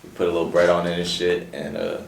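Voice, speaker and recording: A man talking casually as a battle rapper guest on a podcast, in fast, profane, animated street talk. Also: low-pitched, vocal fry, heavy background noise. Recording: echoey room, distant from mic.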